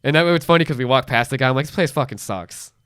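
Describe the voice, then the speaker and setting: Talking fast at a medium pitch, this late-twenties podcast host spins a story in relaxed conversation and acts out what others said in raised voices. His tone is clear and resonant, and the studio-quality recording has no room sound.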